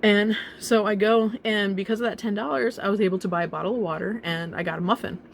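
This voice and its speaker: Young woman, personal vlog; emotional, halting delivery with nervous laughs, middle pitch, slight noise behind. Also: fairly even intonation, vocal fry. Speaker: vlogger telling her own story.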